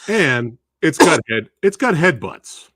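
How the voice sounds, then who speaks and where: A man's voice: on the high side, very animated, takes it slowly, bright, forceful tone, slight background noise. Jokey, laid-back male host. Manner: laid-back, jokey, hypes up his guest. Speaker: interview host. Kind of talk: casual interview chat.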